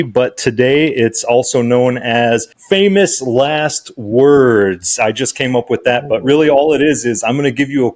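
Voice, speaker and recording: A man in his thirties hosting a casual podcast chat, upbeat and quick to laugh as he reads out movie quotes for a guessing game. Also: medium pitch. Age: 30s. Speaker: podcast host.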